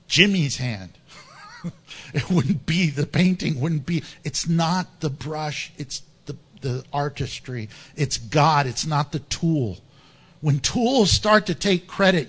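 High-voiced pastor preaching with humor. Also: male voice. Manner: animated, humorous, laughs often, acts out Bible stories. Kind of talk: sermon. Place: church.

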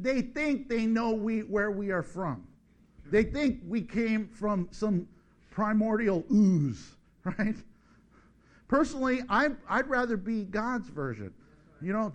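Middle-aged male preacher, high and very lively pitch, playful sermon delivery. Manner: animated, joking, acts out voices.

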